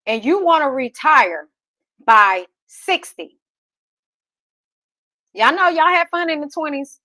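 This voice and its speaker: A woman in her thirties talks straight to her listeners like a preacher, fired up and firing off rhetorical questions. Her voice sits high and has a bright, forceful edge. The sound is dry and close, with no room around it. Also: no room sound. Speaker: real estate investor and host. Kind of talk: motivational talk to camera.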